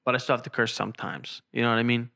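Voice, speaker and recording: A young man with a bright, forceful voice rambles through a story on a casual podcast. He swears freely and talks loosely, restarting as he goes. He is recorded indoors on camera. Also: medium pitch, flat delivery, racing, gravelly. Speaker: podcast host. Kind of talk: casual chat. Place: indoor room, seen on camera.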